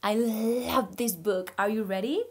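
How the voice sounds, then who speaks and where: Kindergarten teacher on a video call, woman, slightly high voice, slow and encouraging, reads picture books to little kids. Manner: upbeat, encouraging, slow and clear for small children. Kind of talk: online class, reading a picture book aloud. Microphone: computer microphone on a video call.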